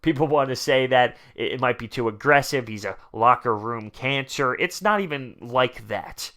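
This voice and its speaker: A man giving excited, emphatic fan commentary on his own sports channel, often repeating lines for effect. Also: mid-range voice, normal speed. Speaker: sports vlogger.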